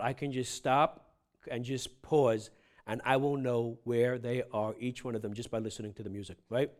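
A man preaching a sermon in a conversational way, often checking in with "right?" and "huh?", building to emphatic peaks. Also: medium pitch. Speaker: pastor.

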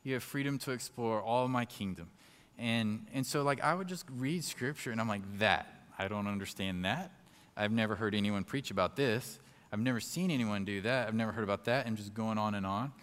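A man sharing a personal testimony as a lively story and acting out his own thoughts as he goes. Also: lowish voice, fairly quick, long reverb tail. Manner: animated storyteller who acts out his own inner thoughts.

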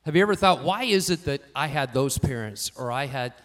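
A man preaching a sermon, telling personal stories and swinging from quiet asides to louder emphatic lines. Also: mid-range voice, lively intonation, brisk. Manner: storytelling, varies loudness widely, rising for emphasis. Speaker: pastor.

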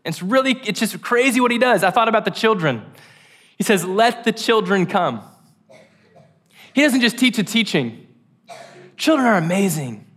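A man preaching a sermon, animated and joking, acting out the quoted voices. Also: high-pitched.

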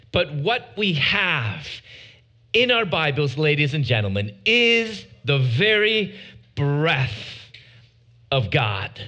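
A man giving his testimony to an audience, preaching with dramatic pauses and drawn-out words. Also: fairly high pitch, sharp tone.

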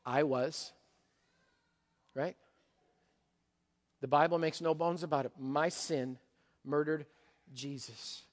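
A pastor preaching a sermon, animated, dropping to a hush and rising to a shout. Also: male voice, fairly high pitch, takes it slowly, pauses often, big-room sound. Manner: animated, swings from hushed to shouting.

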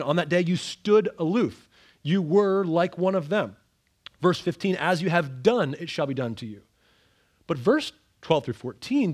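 Husky dramatic preacher man. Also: a little high. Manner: dramatic, acts out the scripture with sudden raised outbursts. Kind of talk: expository sermon.

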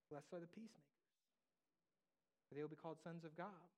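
Preacher in a reverberant church hall. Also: male voice, on the high side, a little fast, darkish tone. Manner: conversational preaching with acted-out quotes. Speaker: pastor. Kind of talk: sermon.

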